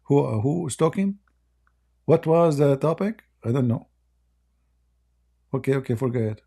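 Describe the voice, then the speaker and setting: A man with a medium-pitched, expressive, mellow voice and some vocal fry speaks at a moderate pace. Arabic is his first language, and as an online commentator he offers a rambling, joking, mocking monologue in broken English.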